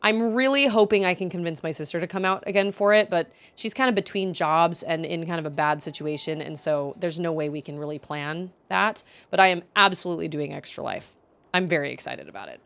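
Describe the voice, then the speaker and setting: A young woman streaming a video game, chatting playfully with quick asides. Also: fairly low pitch, a bit bright. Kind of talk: casual gaming stream chat.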